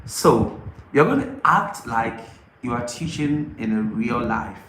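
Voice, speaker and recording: A man acting out an English lesson for young kids, repeating words in sing-song calls, then explaining quietly. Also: medium pitch, animated, takes it slowly. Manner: repetitive sing-song teacher calls alternating with quiet asides. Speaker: English teacher giving advice. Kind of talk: mock classroom demonstration with explanation. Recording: echoey room with faint noise.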